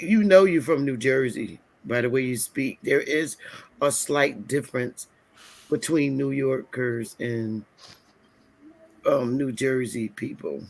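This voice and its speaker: A man's voice: mid-range voice, gravelly. A man in a casual livestream discussion who speaks bluntly and insistently. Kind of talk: casual debate talk.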